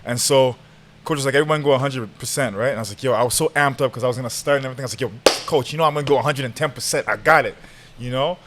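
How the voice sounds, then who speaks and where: A young man casually telling a lively football story on a podcast, full of slang, acting out what people said and often laughing. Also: medium pitch, racing, slight background noise. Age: young adult. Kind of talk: animated storytelling, casual chat.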